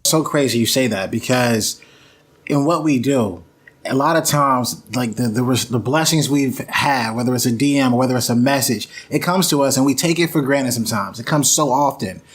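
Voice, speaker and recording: Male host with mid-range pitch and an encouraging manner, music playing faintly underneath. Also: normal speed, breathy edge. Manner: encouraging, short affirmations. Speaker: podcast host. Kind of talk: casual interview chat.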